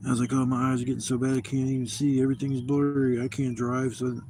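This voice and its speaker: A man's voice: mid-range voice, level tone, fast, warm tone, a little hiss or hum. A man in his fifties telling rambling, profane stories in a casual vlog from a campsite. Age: 50s. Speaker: camping vlogger. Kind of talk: casual storytelling to camera. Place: outdoors at a campsite.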